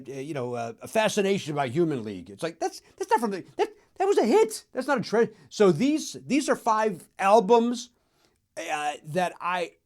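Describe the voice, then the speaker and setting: Animated joking man, lively pitch. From Chicago area. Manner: self-mocking, riffing, throws in quick silly voices. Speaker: podcast host. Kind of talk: comedic monologue about records.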